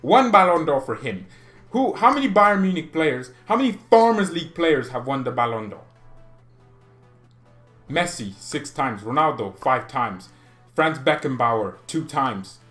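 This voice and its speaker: A man's voice: medium pitch, very animated, a little slow, fairly bright tone, faint music behind. A man hosting a football fan channel, ranting in an exasperated, sarcastic and mocking way. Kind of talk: ranting commentary to camera.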